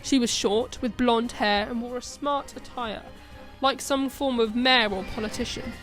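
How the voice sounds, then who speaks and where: A woman narrating a short fan story aloud in plain, steady narration. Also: on the high side, moderate pace, soft background music.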